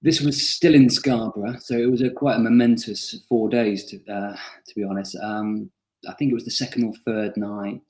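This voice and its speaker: A man's voice: on the low side, fairly even intonation, normal speed, darkish tone. Chatty young man, roomy sound. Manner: chatty, self-deprecating storyteller with frequent fillers. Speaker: author interviewed about his book. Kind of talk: casual anecdotal interview. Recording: roomy echo.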